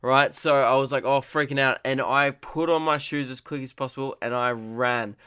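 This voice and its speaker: Aussie comedian guy rambling thru a story, smooth clear voice, dry close sound, lots of um and like. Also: medium pitch, fairly even intonation, normal speed, a bit bright, no room sound. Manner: rambling, many restarts and fillers, swears freely. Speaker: comedian podcast host. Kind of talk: casual comic storytelling.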